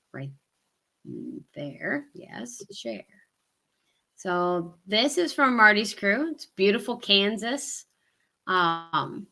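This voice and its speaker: A woman's voice: mid-range voice, gravelly, pushed and bright. A woman with a Southern US accent co-hosting a hiking livestream, chatting casually and rambling with many ums. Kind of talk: casual live-stream chat.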